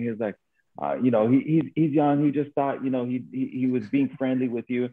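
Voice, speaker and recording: A man's voice: medium pitch, level tone, brisk. El paso guy rambling thru a story, keeps saying right?, sounds like a phone line. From El Paso, Texas. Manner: rambling, repeats words, tag questions "right?". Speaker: podcast co-host. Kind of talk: casual storytelling chat. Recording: phone-like narrow band.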